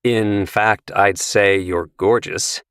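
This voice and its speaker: A man's voice: fairly low pitch, fairly even intonation, slow pace, a bit bright, clean tone, no room sound, studio quality. A man doing a flustered rich college boy. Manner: awkward, boyish.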